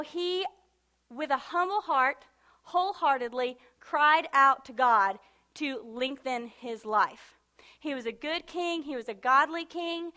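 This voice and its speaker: A woman delivers a sermon in a high voice. Her tone is bright and ringing. She builds fervor through repeated phrases, then slips into casual, chatty asides. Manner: impassioned, emphatic repetition, casual asides. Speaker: preacher.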